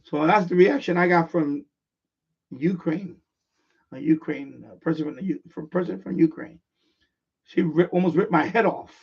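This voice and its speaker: A man with a fairly high, husky, creaky voice chats casually on a live stream at a moderate pace, pausing often. His story rambles and repeats with lots of restarts, and the distant mic gives dull, lo-fi sound.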